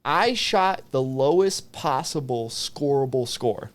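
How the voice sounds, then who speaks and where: A man's voice: mid-range voice, expressive, slow pace. A man in his twenties, a former Marine guest on a podcast, telling comedic stories and laughing often as he goes. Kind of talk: comedic storytelling.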